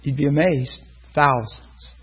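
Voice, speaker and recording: A man's voice: a little high, slow pace, fairly bright tone, husky, dull audio. A man preaching a sermon, telling a story and acting out the voices of the people in it. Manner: storytelling, acts out voices in quotes.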